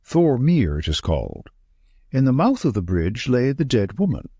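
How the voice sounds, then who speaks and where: A man's voice: mid-range voice, sing-song, normal speed, warm tone, slightly rough, no echo. A man reading as a shrewd, wry Victorian detective. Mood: musing. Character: shrewd, dry-witted male Victorian detective. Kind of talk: audiobook reading.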